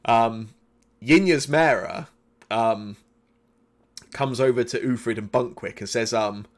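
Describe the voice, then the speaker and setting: A man's voice: medium pitch, slow pace. A man narrating a tabletop game as game master, loose and hesitant with many fillers.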